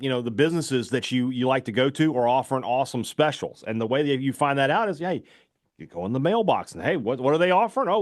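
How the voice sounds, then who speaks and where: A man's voice: medium pitch, no echo, studio quality. A man hosting a sports talk radio show, reading sponsor ads in a loose, chatty way full of fillers. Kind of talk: casual radio talk with live ad reads.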